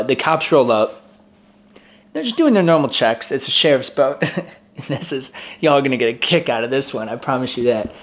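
A man in his twenties telling a personal story in a casual way, laughing often and acting out the voices of the people in it. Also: medium pitch. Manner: chatty, laughs often, acts out quoted voices. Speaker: vlogger.

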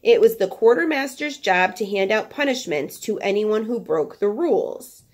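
A woman's voice: medium pitch, animated, moderate pace, darkish tone. A woman teacher reads a book aloud to her students in an everyday mid-range voice. She keeps stopping to chat and joke with the class between passages. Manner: chatty asides between reading, playful.

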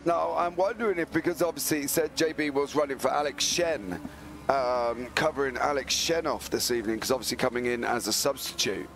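A hoarse man co-commentating a live sim race, rambling into jokey comic tangents with a croaky voice. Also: mid-range voice, fairly quick, a bit bright, slight background noise.

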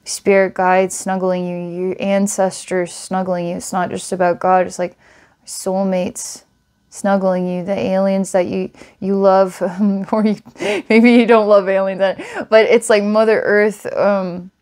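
A woman giving a channeled psychic reading, rambling and giggling often, then dropping to a soft, hushed tone. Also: measured pace. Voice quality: giggly, rambling, frequent laughs and restarts. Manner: lively and emotional, softens to a hushed low tone. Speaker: psychic reader.

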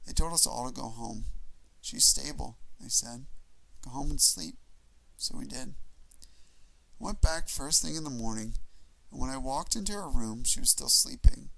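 A man reading a memoir aloud as audiobook narration in a measured, earnest way. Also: medium pitch, animated, gravelly, a bit bright, poor audio. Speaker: audiobook reader.

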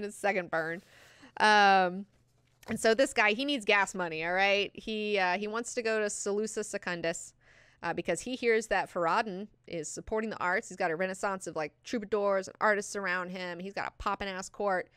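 A woman in her thirties who recaps a novel in an animated, slangy, profane rush. Her voice is smooth and resonant, recorded close and dry. She sits at an ordinary middle pitch. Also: normal speed, dry recording. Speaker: book club host. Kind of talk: casual book recap.

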